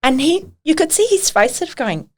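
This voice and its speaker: A woman's voice: high-pitched, very animated, moderate pace. A middle-aged woman, a podcast guest, telling stories in casual conversation and often laughing as she talks.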